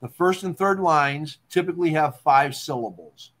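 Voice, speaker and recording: A man hosting a casual talk show, explaining poetry terms in a relaxed way and checking in with "okay?". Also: fairly high pitch, moderate pace. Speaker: podcast host.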